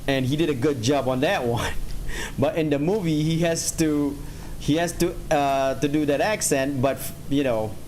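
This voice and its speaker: A man's voice: fairly high pitch, normal speed, a little mellow, a little hiss or hum. A young man chatting casually while streaming a game, rambling and laughing often. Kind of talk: casual gaming stream chat.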